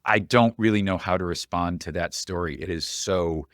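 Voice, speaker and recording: A man with a fairly low voice hosts a podcast interview. He sounds openly moved and is generous with praise. The recording is dry and close. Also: moderate pace, no room sound. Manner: warmly moved, effusive praise. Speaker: podcast host.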